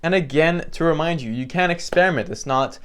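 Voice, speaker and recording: A man teaching piano in a relaxed, conversational way with frequent fillers, counting beats aloud. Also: on the high side, a little fast. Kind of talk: instructional tutorial. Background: piano playing between phrases.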